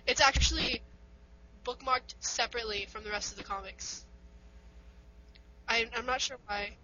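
A woman's voice: on the high side, normal speed, sharp tone, dull audio, slight background noise. A young woman co-hosting a casual podcast, chatting in a playful, teasing way. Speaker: podcast co-host. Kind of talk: casual chat.

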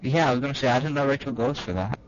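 A young man talks quietly and haltingly as a podcast co-host, speaking from a small house early in the morning. His voice sits at a middling pitch. The sound is muffled. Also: a little hiss or hum. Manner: hesitant, soft-spoken. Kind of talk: casual chat. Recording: muffled, overseas call.

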